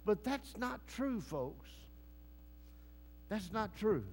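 A man preaching a sermon, swinging from hushed, low passages to loud, rising calls. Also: very animated, drawn-out words, a little hiss or hum. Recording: long hall reverb.

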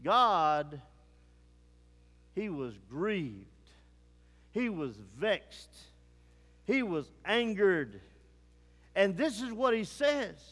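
Fervent high-voiced preacher in a reverberant hall. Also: male voice, sing-song, very slow, pauses often, fairly bright tone. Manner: fervent, swings between low grave tones and rising urgency. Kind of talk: sermon.

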